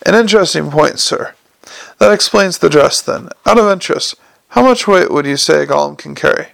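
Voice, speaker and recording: A man's voice: fairly high pitch, lively intonation, fairly quick, gravelly, fairly bright tone, no echo, exaggerated voice. A man reading the part of a courteous, unflappable young police captain who calls everyone sir. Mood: politely probing. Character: polite earnest young male police captain.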